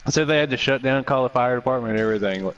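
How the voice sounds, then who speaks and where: A man's voice: mid-range voice, rapid-fire, distant mic, slight background noise. Man telling stories, lo-fi sound. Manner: animated profane storyteller. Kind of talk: casual chat.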